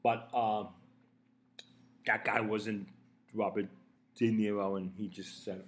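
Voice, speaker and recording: A man's voice: lowish voice, lively intonation, normal speed, a bit bright. A man talking to camera in a rambling, casual monologue, blunt and profane, with frequent restarts and fillers. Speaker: vlogger.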